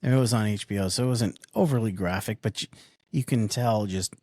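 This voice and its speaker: A man with a fairly low voice talks in casual podcast chat and often backs up his co-host with quick agreements. The recording is dry and close, with no echo. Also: a little mellow. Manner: affirming, frequent short agreements.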